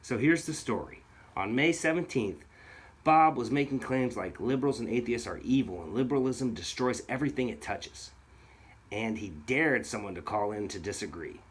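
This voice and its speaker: A man's voice: mid-range voice, expressive, moderate pace, slightly rough. A man narrating a video in an accusatory, sarcastic tone. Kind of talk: scripted narration.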